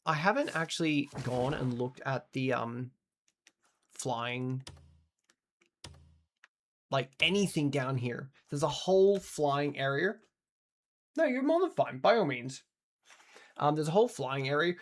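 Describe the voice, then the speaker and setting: A man's voice: on the high side, expressive, a little slow, long pauses. A man from Australia with an Australian accent, casually chatting and swearing while streaming a game and reading out chat.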